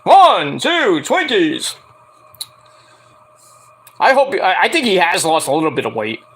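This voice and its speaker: A man's voice: a little high, wildly swooping pitch, quick pace, a bit bright. A man rambling casually to camera as a wrestling vlogger, swearing freely and full of fillers. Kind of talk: casual profane chat to camera.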